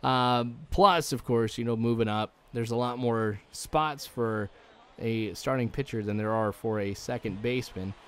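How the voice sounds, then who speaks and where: A man's voice: medium pitch, measured pace, slight background noise. A young man giving rambling, chatty let's-play commentary, full of likes and ums, chuckling now and then. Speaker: gaming channel host.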